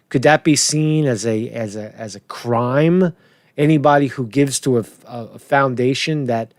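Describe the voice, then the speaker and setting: A man's voice: medium pitch, no room sound, studio quality. A man rambling through political commentary in a casual vlog, swearing, chuckling and restarting his sentences while he keeps asking "right?".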